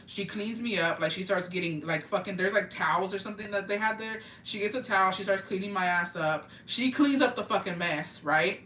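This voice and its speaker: Brief: young woman vlogger, animated, swears constantly, bright voice, roomy echo. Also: mid-range voice, a little fast, few pauses, slight background noise. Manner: profane, animated, slangy storytelling. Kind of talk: storytime vlog. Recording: echoey room, mic at a distance, faint ambience.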